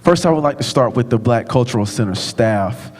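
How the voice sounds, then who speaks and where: On stage in a large concert hall, a choir director gives a thank-you speech in a brisk, expressive, mid-range voice. He's warm and informal, speaking straight to the audience, with long hall reverb and crowd sounds around him.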